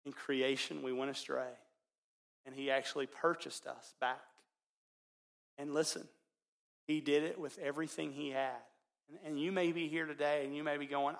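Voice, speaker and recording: A man preaching as a pastor, telling a story in his sermon and swinging between loud, excited passages and hushed ones. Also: on the high side, moderate pace, gravelly, pauses often.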